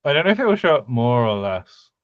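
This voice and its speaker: A man's voice: medium pitch, big pitch swings, fast, no echo, lo-fi sound. A man co-hosting a casual podcast chat, thinking aloud with hesitant restarts. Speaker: podcast co-host. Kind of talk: casual chat about conlang sound changes.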